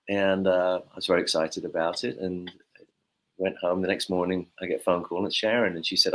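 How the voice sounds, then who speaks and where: A man's voice: sits low, fairly even intonation, fairly quick, a bit bright, a little hiss or hum. Man rambling through a story. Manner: rambling storyteller, many fillers. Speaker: guest bassist. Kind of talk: anecdotal interview talk.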